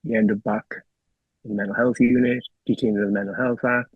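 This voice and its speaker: A man's voice: on the low side, little pitch movement, fairly quick, breathy edge, no echo, phone-quality sound. A middle-aged man with a North East England accent speaks as an interview guest, telling his own story in a raw, emotional way with plenty of swearing and repeated "do you know what I mean". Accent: North East England (Geordie). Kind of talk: candid personal storytelling.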